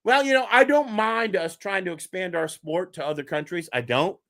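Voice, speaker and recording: Man, sports stream host, high lively voice, bright tone, chatty, laughs a lot. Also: moderate pace. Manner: animated, laughing, talks to chat and co-hosts; scattered, juggling links and texts. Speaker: podcast host. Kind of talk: casual live-stream sports talk.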